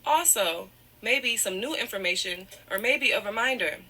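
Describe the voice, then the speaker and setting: A woman's voice: medium pitch, lively intonation, moderate pace, sharp tone. A woman telling a painful personal story, close to tears, apologizing often and circling back with "however". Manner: apologetic, repeats "however", digresses. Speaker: guest telling her side of a breakup.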